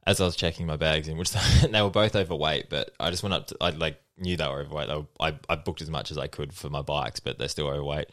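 Fast-talking deep-voiced young man. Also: fairly even intonation, a bit bright, no echo, studio quality. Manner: fast storytelling, acting out quoted people. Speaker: podcast host. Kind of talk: casual chat.

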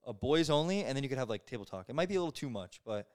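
A man's voice: mid-range voice, big pitch swings, very fast. A young man in his twenties, a podcast guest, chatting casually and rambling with constant filler words.

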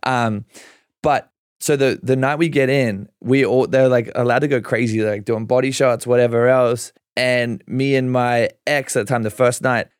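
A man's voice: mid-range voice, fairly even intonation, moderate pace, smooth, dry recording, studio quality. A young man chatting as a podcast guest, telling a story in a rambling, casual way, with lots of swearing and "like" fillers.

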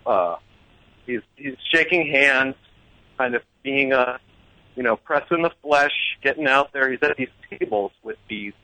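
A man's voice: medium pitch, animated, measured pace, sharp tone, no room sound, low-quality recording. A man calling in to a talk show and telling a rambling, self-deprecating story. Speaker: caller. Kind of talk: casual anecdote telling.

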